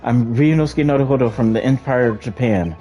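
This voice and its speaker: A man's voice: mid-range voice, brisk, mellow, muffled recording, voice pushed up, natural voice. A man voicing a nervous young Japanese law student who talks hesitantly. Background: game music.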